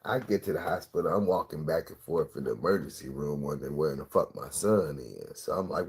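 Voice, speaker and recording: A middle-aged man telling a personal story in a casual, profane, animated way, acting out the quotes. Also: rumbling low, fairly quick, vocal fry, few pauses, breathy edge.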